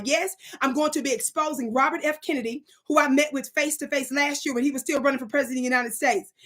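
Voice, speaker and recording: A woman's voice: high voice, fairly bright tone. A woman hosting her own online show, talking to her live chat in an emphatic, preacher-like way and scolding commenters.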